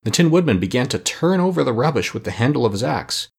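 A man narrating a storybook chapter in an expressive, lively way. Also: mid-range voice, fast talker, gravelly, slightly rough. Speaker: audiobook narrator. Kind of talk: scripted narration.

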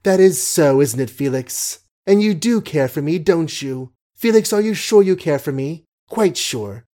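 A man's voice: a little high, animated, unhurried, dark tone, pitched above the performer's own voice. A man voicing an emotional young woman who pleads and questions her lover, in a storybook reading. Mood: pleading.

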